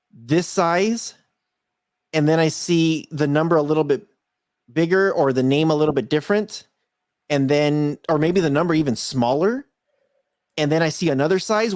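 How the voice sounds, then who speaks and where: A man co-hosting a podcast, chatting casually and telling animated stories that act out both sides of a conversation. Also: a little high, dry recording, studio quality. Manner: animated storyteller, acts out quotes, laughs often. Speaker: podcast co-host. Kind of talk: casual chat.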